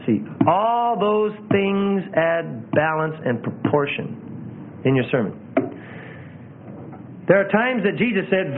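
A man teaching how to preach, earnestly showing emphasis and pauses with his own voice. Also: fairly high pitch, sing-song, a little hiss or hum. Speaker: preaching instructor. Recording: tinny phone-like sound.

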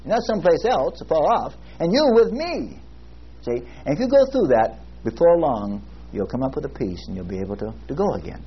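A male pastor preaching a sermon in a folksy storytelling way, slowing down to stress scripture word by word. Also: mid-range voice, big pitch swings, husky. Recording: muffled lo-fi recording with faint hiss.

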